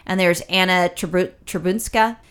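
A woman's voice: on the low side, fairly even intonation, moderate pace, a bit bright, clear, resonant tone. A woman co-hosting a casual chat, telling a story with lots of swearing and acted-out quotes.

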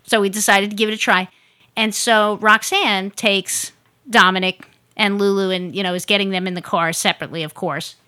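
Brief: bright-toned woman, podcast co-host, lively storyteller who acts out what others said. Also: medium pitch, moderate pace. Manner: animated, acts out other people's lines with laughs. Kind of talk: casual storytelling chat.

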